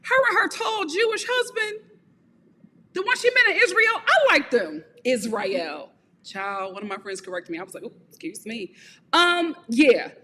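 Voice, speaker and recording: A woman's voice: very high voice, animated, moderate pace, pushed and bright, long reverb tail. A woman giving a blunt, sassy live review of a reality TV show, often laughing.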